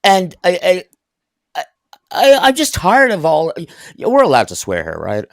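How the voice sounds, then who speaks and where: A man's voice: sits high, wildly swooping pitch, a little slow, vocal fry, no echo. Stammering man ranting on a stream call. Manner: rambling, stammering restarts, angry swearing. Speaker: stream guest. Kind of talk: heated casual stream chat.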